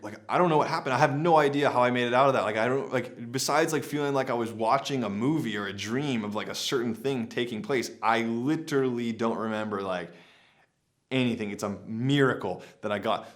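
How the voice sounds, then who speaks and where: A young man casually recounting a personal story, rambling with many fillers and restarts. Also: mid-range voice. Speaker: vlogger.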